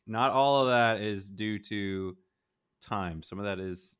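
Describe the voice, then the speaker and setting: A man's voice: on the low side, slow, fairly bright tone, clear, resonant tone. A middle-aged man co-hosting a casual gaming chat show, rambling and hedging with frequent chuckles. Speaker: podcast co-host.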